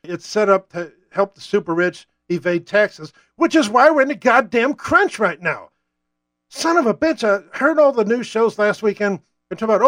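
A man's voice: high voice, lively intonation, moderate pace, a bit bright, no echo. An American man delivering a profane, worked-up political rant as a talk-show host. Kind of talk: ranting political monologue.

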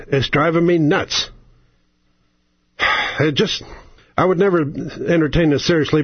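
A man's voice: on the high side, slightly rough, dry recording. A man hosting a talk radio show, ranting in an angry, sarcastic, exasperated way. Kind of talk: political radio rant. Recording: lo-fi, dry radio sound.

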